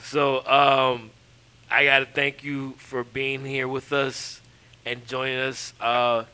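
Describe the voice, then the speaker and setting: A man's voice: mid-range voice, flat delivery, takes it slowly, bright, forceful tone, clean tone. A man hosting a casual podcast, joking with his guest and thanking him. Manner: joking, laughs along. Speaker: podcast host.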